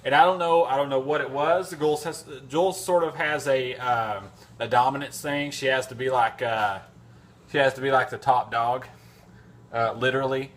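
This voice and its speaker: Male vlogger, casual storyteller, average pitch, loose and rambling with lots of restarts. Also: steady tone, normal speed. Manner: rambling, folksy anecdote with frequent restarts and fillers.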